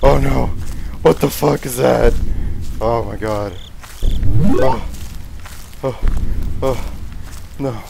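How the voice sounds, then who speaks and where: A man's voice: medium pitch, drawn-out words, creaky, pauses often. A young man streaming a horror game, panicking, screaming and swearing, then muttering sarcastic asides. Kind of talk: gaming stream commentary. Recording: noisy gameplay recording.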